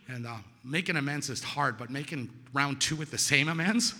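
A man's voice: fairly quick, noisy background. A man sharing his story at a recovery meeting in a casual, conversational way, checking in with the audience and acting out the voices of people he quotes. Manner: conversational, storytelling, asks "right?" often; acts out quoted voices, louder and higher. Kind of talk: personal testimony talk. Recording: hall reverb.

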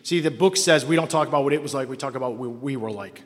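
A man's voice: medium pitch, fast. A man from Cleveland telling his own recovery story to a meeting, wry and self-mocking, acting out the people he quotes. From Cleveland, Ohio. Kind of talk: personal story told to an audience. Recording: long reverb from a hall.

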